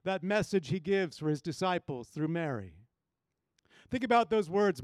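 High-voiced preaching pastor, dry sound. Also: male voice, normal speed, dry recording. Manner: expressive preaching, acts out quoted lines with shifts in pitch and pace. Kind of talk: sermon.

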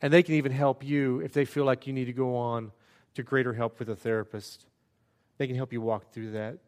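A man's voice: mid-range voice, steady tone, brisk, darkish tone. A man preaching a sermon as a pastor, earnest and conversational, with self-deprecating asides.

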